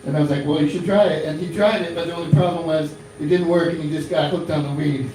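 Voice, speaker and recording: A man's voice: a little high, fairly even intonation, fast, background noise. A man in his thirties from Florida doing a rambling stand-up comedy set in a small club, full of fillers and restarts. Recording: echoey club from a distant mic.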